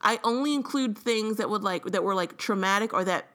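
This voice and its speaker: A woman co-hosting a casual book podcast, her voice sitting at a comfortable middle pitch. She chats loosely, fills her sentences with "like" and laughs easily as she goes. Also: a little fast, a bit bright. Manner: chatty, lots of "like", laughs often. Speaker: podcast co-host. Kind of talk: casual book-club chat.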